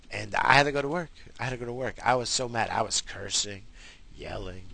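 Male vlogger, raspy and gravelly, tense edge, profane rambling rant. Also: fairly low pitch, brisk, bright, forceful tone, a little hiss or hum. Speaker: vlogger with a wife and kids. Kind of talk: casual rant to camera.

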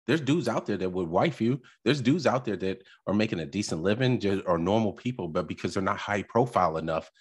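A man's voice: on the low side, animated, brisk, few pauses, breathy edge. A man hosting a podcast, reacting to a clip with blunt, opinionated, rambling commentary. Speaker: podcast host.

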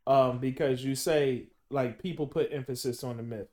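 A man hosting a sports podcast, asking long, halting questions with many restarts in casual chat. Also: mid-range voice, fairly even intonation, darkish tone. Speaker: podcast host.

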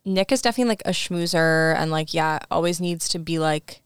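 Co-host, young woman, low smooth voice, dry close sound, acts out scene quotes. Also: a little fast, no room sound. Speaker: podcast co-host. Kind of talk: casual chat.

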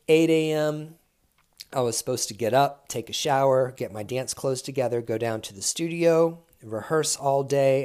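A man's voice: on the low side, darkish tone. A man, a dancer, telling a story from his own life in a blunt, profane way. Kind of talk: casual storytelling.

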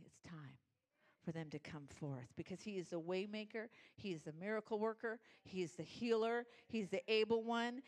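A woman preaching with a fairly high voice. She moves between hushed, low passages and fervent, rising proclamations, repeating her key lines for emphasis. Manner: drops to low, soft intensity. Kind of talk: sermon.

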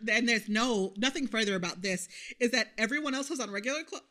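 A woman co-hosting a book podcast in casual chat, animated and swearing freely. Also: a little high, fast talker. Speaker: podcast co-host.

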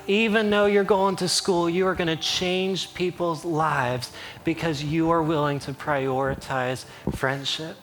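A man preaching a sermon in an animated way, with playful asides and acted-out quotes. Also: fairly high pitch. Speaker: pastor.

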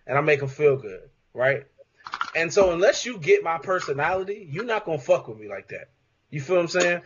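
Blunt joking male podcaster, husky, lo-fi dull recording. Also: on the high side, fairly bright tone. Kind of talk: casual group chat.

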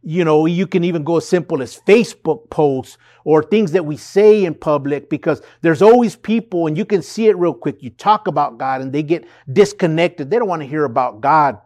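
A man's voice: fairly high pitch, darkish tone. A man preaching a sermon in an earnest, conversational way, reading and explaining scripture. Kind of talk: sermon podcast.

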